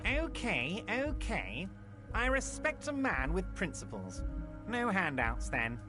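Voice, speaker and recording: A man's voice: high voice, huge pitch swings, takes it slowly, over music, heavily acted. An actor voicing a smug, overconfident male union boss in a game, with a nasal, patronizing manner. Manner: smooth, patronizing reassurance. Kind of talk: video game voice acting.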